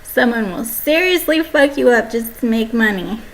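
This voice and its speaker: A young woman delivering a rambling, brash comedy monologue, swinging between loud outbursts and hushed asides. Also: fairly high pitch, expressive, normal speed, poor audio. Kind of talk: stand-up monologue.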